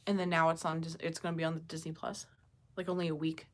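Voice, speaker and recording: A woman's voice: low voice, level tone, fast talker. A woman hosting a casual live chat from home, thinking aloud and reading out viewers' comments, with many fillers and questions to her viewers. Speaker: livestream host chatting with viewers. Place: home with pets nearby.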